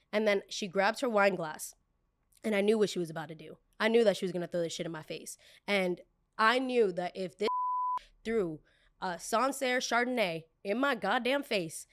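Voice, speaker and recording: A young adult woman hosting a podcast, retelling a story in a sassy, animated, dramatic way with quick bursts. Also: on the high side, no echo, clean studio sound. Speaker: podcast host. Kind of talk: casual storytelling.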